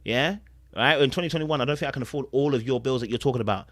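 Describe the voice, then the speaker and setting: Male podcast host, lively reactions, medium voice, dry booth sound. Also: mid-range voice, racing, no room sound. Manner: animated, acts out quotes, asks rhetorical questions. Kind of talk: casual commentary.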